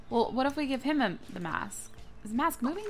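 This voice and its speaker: A young woman with a high-pitched voice hosts a gaming channel, giving excitable, playful let's-play commentary full of squeals and giggles.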